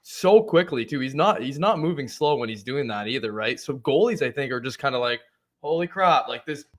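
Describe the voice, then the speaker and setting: A man's voice: mid-range voice, expressive, fairly quick. A man co-hosting a sports podcast, chatting in a laid-back, rambling way full of fillers. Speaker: podcast co-host. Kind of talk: casual sports podcast chat.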